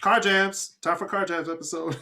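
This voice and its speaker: A man's voice: high voice, moderate pace, gravelly. A man hosting a casual group chat, joking around and moving the talk from one topic to the next. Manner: animated, joking, leads the topics.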